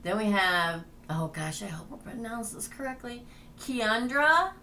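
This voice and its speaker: A woman's voice: on the high side, expressive, measured pace, bright, forceful tone, slight background noise. A woman tarot reader hosting a casual livestream, chatting, laughing and reading names off a list.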